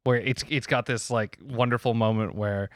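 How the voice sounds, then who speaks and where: A man's voice: medium pitch, fairly even intonation, normal speed, no room sound, clean studio sound. A man co-hosting a podcast, chatting casually about video games, laughing easily and swearing now and then. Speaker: podcast co-host.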